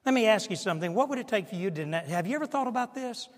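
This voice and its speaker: A pastor in his sixties preaching a sermon, swinging from hushed asides to shouted emphasis. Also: high-pitched, lively intonation, racing. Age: 60s. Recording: long hall reverb.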